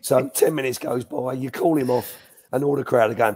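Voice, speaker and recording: A man's voice: medium pitch, moderate pace, gravelly, a little mellow, husky. An older man, a former youth coach, telling anecdotes as a guest in a live Q&A, restarting sentences as he goes. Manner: chatty, restarts sentences, acts out quotes.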